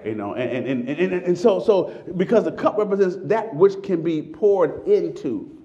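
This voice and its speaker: A man preaching a sermon, stumbling over repeated words, then shouting and stretching out scripture lines. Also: high-pitched, moderate pace, muffled recording. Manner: animated, shouting scripture with repetitions.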